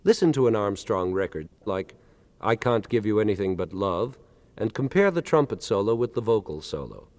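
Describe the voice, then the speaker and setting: A man's voice: lowish voice, very animated, moderate pace, a little mellow, in a large hall. A man giving an articulate, explanatory lecture, counting beats aloud and stressing them to demonstrate. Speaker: lecturer presenting with a band.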